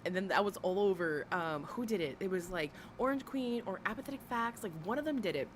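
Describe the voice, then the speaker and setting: A woman's voice: medium pitch, expressive, a little fast. Woman, livestream host, blunt, sarcastic, profane rant, noisy background. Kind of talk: ranting gossip commentary.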